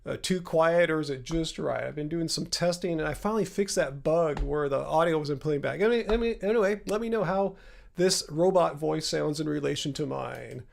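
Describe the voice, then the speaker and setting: A man's voice: fairly high pitch, moderate pace, creaky. A man hosting a casual livestream, rambling loosely with lots of ums and chatty asides. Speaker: livestream host. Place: home room with laptop.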